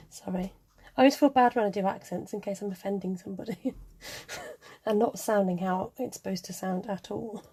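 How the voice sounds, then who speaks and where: A woman's voice: medium pitch, steady tone, moderate pace, gravelly, darkish tone, breathy edge. A middle-aged woman hosting a craft video, chatting casually and muttering to herself as she works, with the odd giggle. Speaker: craft vlogger. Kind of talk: casual chat while crafting.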